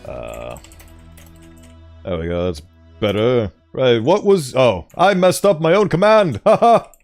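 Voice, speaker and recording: Playful streamer guy chatting w/ chat, bouncy voice, soft music underneath. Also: medium pitch, sing-song, takes it slowly. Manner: playful, laughs often, greets chat. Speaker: streamer reading stories. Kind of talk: casual live-stream chat.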